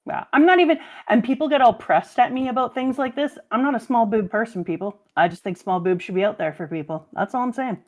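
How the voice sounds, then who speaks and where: A woman co-hosts a live stream in a fairly high, slightly mellow voice, talking fast with few pauses. Her casual chat is animated, full of frequent laughter and acted-out quotes.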